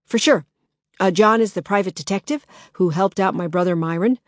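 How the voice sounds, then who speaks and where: A woman's voice: mid-range voice, a little fast, no echo, studio quality, lightly acted. A woman voicing an eager, well-meaning male businessman in a storybook, upbeat and coaxing.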